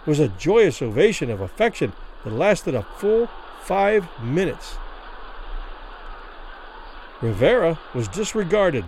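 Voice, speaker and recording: A male storyteller giving a vivid dramatic reading of a classic tale. His voice rides rather high and moves a great deal in pitch, rising and falling with the action. Faint noise sits underneath. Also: unhurried, pauses often, poor audio. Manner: vivid, expressive narration. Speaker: narrator.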